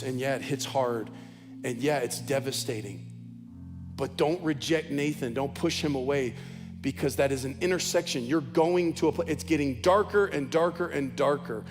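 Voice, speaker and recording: A man's voice: mid-range voice, big-room sound. A male pastor delivering a sermon in a church, telling the story with emphatic repetition. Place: church auditorium.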